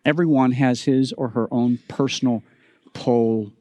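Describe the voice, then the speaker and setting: A man's voice: mid-range voice, fairly even intonation, measured pace, mellow, dry recording. A middle-aged man preaching a sermon as pastor, telling a humorous story and turning it into an earnest point.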